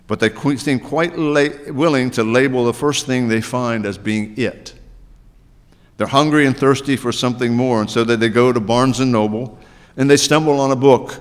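A man preaching a sermon as a pastor, chatty, with asides and rhetorical questions to his listeners. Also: mid-range voice. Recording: long reverb of a large hall.

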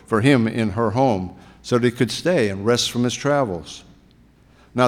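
A male pastor giving a sermon, telling stories in a relaxed, conversational way. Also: mid-range voice. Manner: conversational storytelling preaching. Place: church sanctuary. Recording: long reverb of a church hall.

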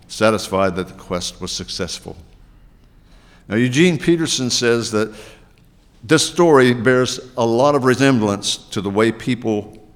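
A male pastor delivering a sermon in an easy, conversational way, tossing out rhetorical questions. His voice sits on the low side, and a long reverb trails behind it as if he is in a large church.

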